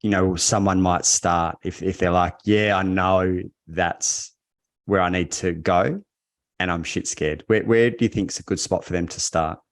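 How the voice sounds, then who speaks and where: A man hosting a podcast, asking relaxed, casual questions and using slang. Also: sits low, unhurried. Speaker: podcast host. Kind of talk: podcast interview.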